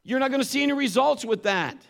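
Male preacher with a high voice, conversational sermon, earnest and emphatic, folksy storytelling between scripture points. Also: animated, quick pace, gravelly. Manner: earnest, emphatic, mixes scripture with personal anecdotes.

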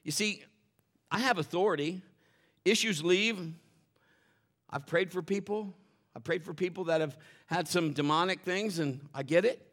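A man's voice: high voice, normal speed, long pauses. A male pastor preaching a sermon to a congregation in church, telling stories and often repeating words as he restarts. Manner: animated preaching with storytelling asides. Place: church service before a congregation.

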